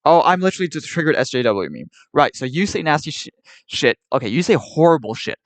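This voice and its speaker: A man's voice: fairly high pitch, sing-song, fast talker, no echo. A man streaming live, arguing with and ranting at his chat in an exasperated, repetitive way. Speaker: livestreamer.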